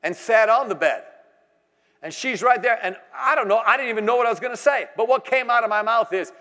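Middle-aged man, preacher, high voice, animated sermon storyteller with big loud-soft swings, long hall reverb. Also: fairly quick. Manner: animated storytelling, swings between loud exclamations and hushed asides.

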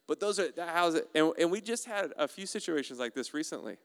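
Animated pastor preaching in an echoing hall. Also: male voice, fairly high pitch, fairly quick, few pauses, clean tone. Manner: animated, playful, asks the congregation questions. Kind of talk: sermon. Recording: resonant voice with long hall reverb.

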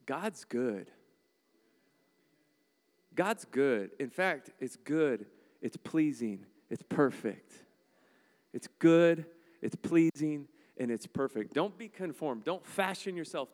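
A man preaching a sermon in an animated, joking way, acting out little voices as he goes. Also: fairly high pitch, a little slow. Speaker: pastor. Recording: long hall reverb.

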